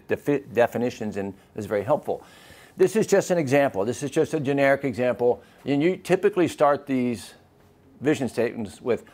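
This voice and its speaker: Man, physician lecturing, asks audience questions, mid-pitched voice. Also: a little mellow. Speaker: physician giving a talk. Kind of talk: live lecture.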